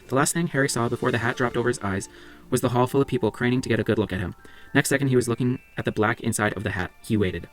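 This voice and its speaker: A man reading a children's novel aloud for a library book club, brisk with small slips and restarts. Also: medium pitch, faint music behind.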